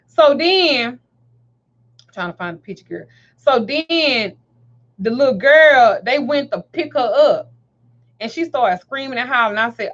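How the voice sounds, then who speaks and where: A woman's voice: fairly high pitch, unhurried. A woman telling a profane story in casual chat, laughing often and acting out what people said. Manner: profane, animated storyteller who laughs often and acts out quotes. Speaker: host. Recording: dull lo-fi sound.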